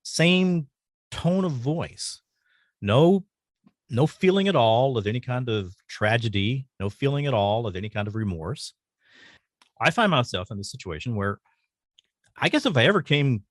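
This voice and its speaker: Halting man with a lively pitch. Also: no echo, studio quality. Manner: halting, earnest, pauses often. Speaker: podcast guest. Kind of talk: personal storytelling.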